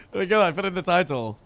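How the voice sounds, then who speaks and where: A man's voice: high-pitched, a bit bright, no room sound. A man streaming a game, chatting casually and amused with himself. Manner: chatty, laughing, self-amused. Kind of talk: casual gameplay chat.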